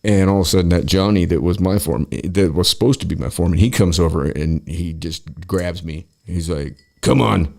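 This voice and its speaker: Casting note: low-voiced male podcast host, salty, animated storyteller, relaxed chat. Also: brisk, gravelly, hardly any pauses. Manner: profane, animated, acts out quoted people.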